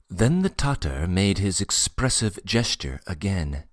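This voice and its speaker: A man narrating a classic novel as an audiobook in a measured reading. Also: low voice, sing-song, dry recording. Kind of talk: scripted narration. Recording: dry close studio recording.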